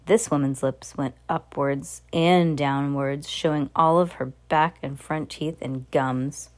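Deep-voiced woman reading a storybook. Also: fairly even intonation, slow, a little mellow. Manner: earnest, with small slips and restarts. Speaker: reader. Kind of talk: reading a children's novel aloud.

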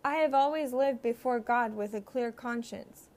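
A woman's voice: fairly high pitch, moderate pace, a little mellow, natural voice. A woman voicing a bold, outspoken male apostle defending himself, earnest and defiant.

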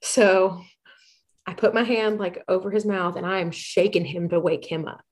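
A woman playing a tabletop game, chatting eagerly and excitably about her character's actions. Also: lowish voice, normal speed. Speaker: player. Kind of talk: casual tabletop game chat.

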